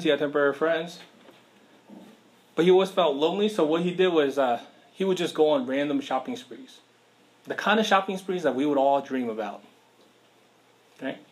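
Preaching in a laid-back, conversational style, this man uses plenty of everyday slang and poses rhetorical questions to his audience. His voice sits a bit higher than the typical man's.

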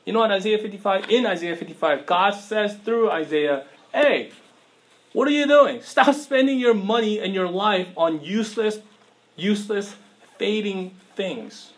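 A man's voice: sits high, normal speed. A man preaching a sermon in a casual, conversational way, with slang and rhetorical questions to the listeners.

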